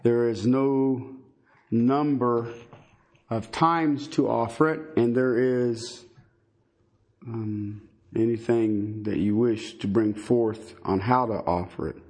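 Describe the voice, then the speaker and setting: A man teaching a Bible sermon in a halting, conversational way, with many fillers and folksy asides. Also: mid-range voice, steady tone, darkish tone. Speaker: preacher.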